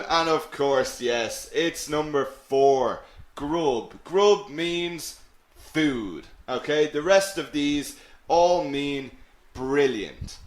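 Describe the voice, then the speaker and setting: A man's voice: on the high side, reverberant. A man teaching an English lesson, explaining words with frequent checks like "okay?" and self-mocking asides. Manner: lively, animated explaining with many "okay?" checks. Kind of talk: live online English lesson.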